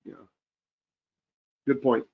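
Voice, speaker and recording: A man, a rabbi, teaching a Torah portion in an informal online class. He chants Hebrew verses, translates them in casual, joking talk, and often clears his throat. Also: drawn-out words, phone-quality sound.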